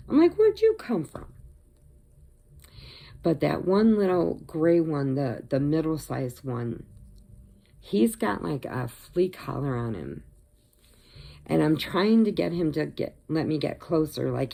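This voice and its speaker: Her voice is low-pitched and mellow, touched with vocal fry. On her crochet vlog, the older woman from Illinois keeps things chatty and meandering, often breaking into laughter.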